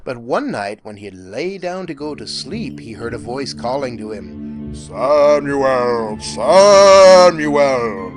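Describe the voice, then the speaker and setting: Animated man telling a story. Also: mid-range voice, normal speed, music in the background. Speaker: professor. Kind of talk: storytelling lecture narration.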